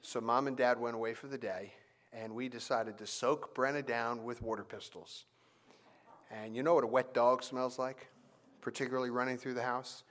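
A man preaching a sermon, telling a family story and then teaching from scripture, with animated emphasis on key points. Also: medium pitch. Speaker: pastor.

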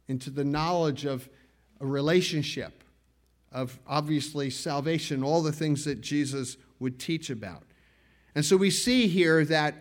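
A man preaching a sermon at an evening church service, earnest, slowing down and rising for emphasis. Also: a little high. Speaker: pastor.

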